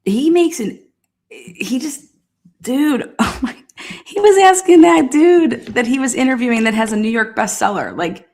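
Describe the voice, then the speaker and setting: A woman's voice: on the high side, expressive, a little slow, darkish tone. A woman hosting a live stream, chatting casually with viewers in a sassy, blunt way and swearing now and then. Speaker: livestream host.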